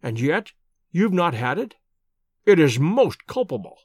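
A man voicing a shrewd, calm male detective who speaks in measured, courteous and gently ironic tones in an audiobook. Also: fairly high pitch, husky, no echo, studio quality, full character voice. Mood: pressing.

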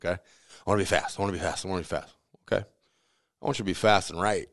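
A pizzeria owner relates stories from his kitchen during a relaxed interview, his very low, creaky voice racing along. He animates the tales by imitating the people he quotes, laughing frequently, and the close, dry recording has no echo.

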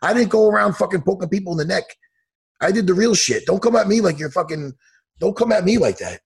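Male fight coach, podcast regular. Gravelly, high-pitched voice, profane ranter. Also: lively intonation, fast. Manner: profane, heated ranting. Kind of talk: casual chat.

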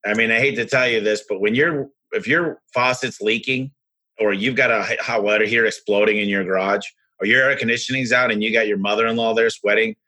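A husky man with a low voice hosts a podcast with casual, rambling stories. His tone is forceful and bright, and his manner is energetic and frank. He talks like a business owner chatting freely. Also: fairly quick. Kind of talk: casual conversational storytelling.

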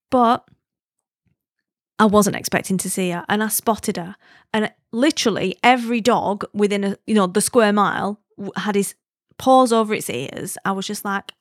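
A woman hosting a podcast, chatting casually and telling stories in an animated way. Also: medium pitch, dry recording, studio quality. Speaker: podcast host.

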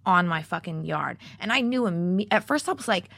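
Casting: young woman podcast co-host, lower-pitched, bright and forceful, profane storyteller, dry close sound. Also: animated, moderate pace, creaky, no echo. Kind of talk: casual chat.

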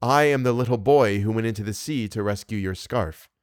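A man's voice: on the low side, fairly quick, dry recording, clean studio sound, close to an everyday voice. A man voicing a young nobleman in love, speaking coolly and earnestly. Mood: fervent. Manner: cool and earnest.

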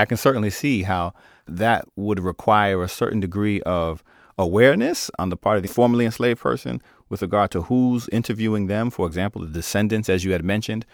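A man hosting an interview, reflecting thoughtfully in a measured way. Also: on the low side, no echo, studio quality. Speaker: podcast host. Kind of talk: conversational interview.

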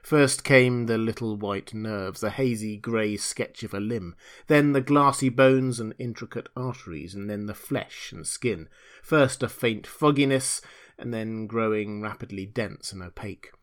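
A man reading a classic novel aloud in measured, dramatic storytelling narration. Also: fairly low pitch. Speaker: audiobook reader.

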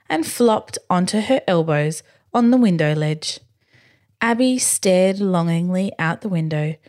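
A woman reading a bedtime story slowly and expressively. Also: on the low side. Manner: slow, expressive, gently animated. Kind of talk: scripted bedtime story narration.

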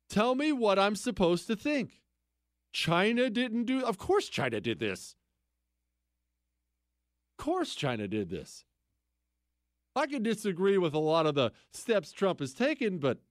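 A man's voice: high-pitched, no echo, clean studio sound. A man hosting a talk radio show, delivering a sarcastic political commentary monologue with mocking repetition and incredulous outbursts.

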